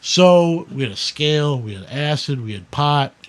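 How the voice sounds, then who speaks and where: A man from Detroit, a guest on a podcast, telling a wild story in a casual, profane, animated way. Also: fairly high pitch, moderate pace. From Detroit, USA. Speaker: guest, music producer.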